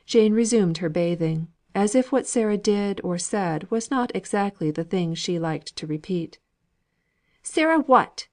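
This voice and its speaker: Woman, audiobook narrator, somewhat low voice, steady reading. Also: moderate pace, few pauses. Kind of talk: scripted narration of a novel.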